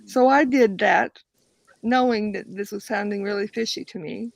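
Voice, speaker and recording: Gravelly-voiced woman telling a profane story. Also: medium pitch, normal speed, noisy background. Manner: profane storytelling, acts out quotes. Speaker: host. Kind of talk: casual livestream chat.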